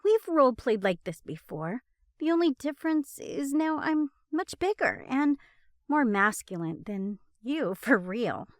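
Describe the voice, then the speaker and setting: A teasing young adult newly in a man's body, voiced by a woman in an audio story. The voice is pitched high and swings widely, loud and pushy. It is dry and close. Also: sing-song, measured pace, no room sound. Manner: playful, teasing, then shrill and pleading.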